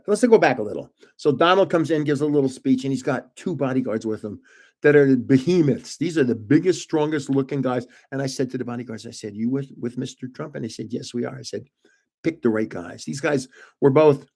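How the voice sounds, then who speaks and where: Older male host, casual rambling storyteller, mid-pitched voice. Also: creaky, a little mellow. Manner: rambling anecdotal, chuckles at own jokes. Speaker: channel host.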